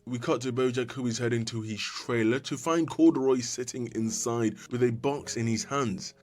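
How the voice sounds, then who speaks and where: A man narrating a scripted video essay, recapping scenes in a playful way with jokey asides and mock scolding. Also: medium pitch.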